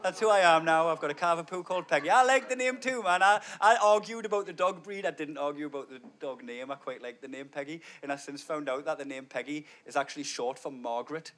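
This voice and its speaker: A man, doing brash, sweary stand-up on stage through a microphone, dropping to low mutters and rising to loud bursts. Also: fast talker, hardly any pauses. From North East England. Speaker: stand-up comedian. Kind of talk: stand-up comedy. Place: theatre stage before a live audience.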